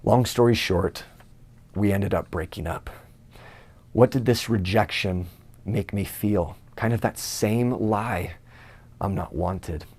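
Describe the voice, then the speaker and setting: A man's voice: on the low side, takes it slowly, a little mellow. A young man giving an earnest personal testimony, telling his story and acting out his own inner thoughts.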